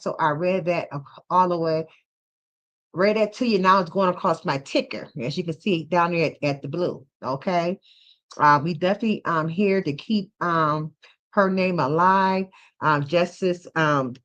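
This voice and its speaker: A woman hosting a casual livestream who rambles, uses many fillers, and keeps checking in with "okay?". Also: lowish voice. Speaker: livestream host.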